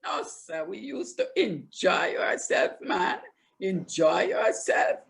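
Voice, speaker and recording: An older woman storyteller from Limón, Costa Rica, with a Limón Creole English accent, telling childhood memories in an animated way and repeating words for emphasis. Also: mid-range voice, slow pace, gravelly.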